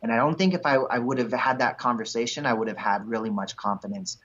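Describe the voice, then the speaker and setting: A husky, slightly rough man's voice, middle-pitched, recounting his past with lively energy as an interview guest. He slips into the voices of the people in his stories. The recording sounds dull and lo-fi. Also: fast. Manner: animated storyteller who acts out quotes. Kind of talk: storytelling in an interview.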